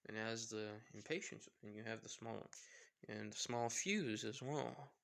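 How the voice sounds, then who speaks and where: Guy putting on a loud smug camp boss, slow and teasing, bit gravelly. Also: fairly low pitch. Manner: teasing, drawn-out. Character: smug sly male camp leader.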